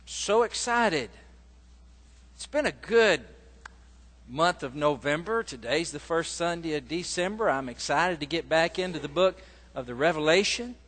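A man's voice: fairly high pitch, animated, measured pace, fairly bright tone, long reverb tail. A man preaching a sermon as pastor, telling a folksy story with lots of fillers, then reading scripture.

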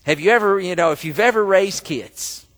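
A man preaching a sermon, telling a story slowly and breaking into loud, emphatic bursts. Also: high-pitched. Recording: long reverb of a large hall.

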